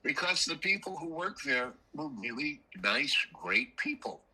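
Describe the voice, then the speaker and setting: Bright-voiced older man telling stories. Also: fairly high pitch, unhurried, slightly rough, poor audio. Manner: rambling, animated, frequent coughs. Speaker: storyteller guest. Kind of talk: casual storytelling.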